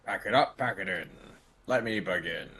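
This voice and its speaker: A man co-hosting a live stream, teasing the host with laughs and deadpan jabs. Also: sits low, normal speed, breathy edge. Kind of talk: casual live stream chat.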